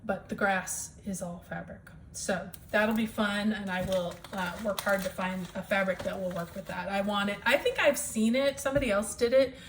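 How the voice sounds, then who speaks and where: A woman's voice: medium pitch, moderate pace, few pauses, a little hiss or hum. A woman chatting enthusiastically at home about her stitching projects, with lots of ums. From US Midwest. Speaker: cross-stitch vlogger. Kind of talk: casual show-and-tell chat.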